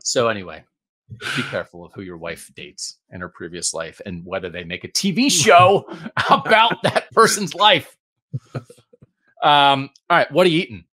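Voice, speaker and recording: A middle-aged man hosting a podcast, chatting casually and acting out quotes with big swings in his voice. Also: normal speed. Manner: animated storyteller, acts out quotes with big pitch swings. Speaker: podcast host. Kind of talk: casual chat.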